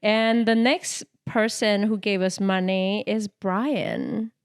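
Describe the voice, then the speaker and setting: A woman's voice: medium pitch, fairly even intonation, slow pace, clear, resonant tone. A young woman co-hosting a casual podcast chat, teasing her friend and laughing often. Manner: giggly, teasing, frequent laughter. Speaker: podcast co-host.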